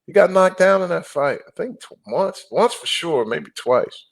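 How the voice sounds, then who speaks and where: A middle-aged man talking casually as a guest, an animated storyteller who acts out quotes and growls for emphasis. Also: on the high side, normal speed, gravelly. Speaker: guest, apartment investor. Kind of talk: casual interview talk.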